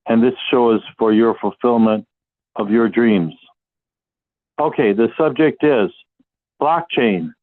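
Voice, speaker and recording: A man's voice: mid-range voice, takes it slowly, pauses often. A man with a Midwestern American accent hosting a podcast, talking earnestly and encouragingly with frequent fillers and restarts. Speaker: podcast host. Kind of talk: casual solo podcast talk. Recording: tinny phone-like audio.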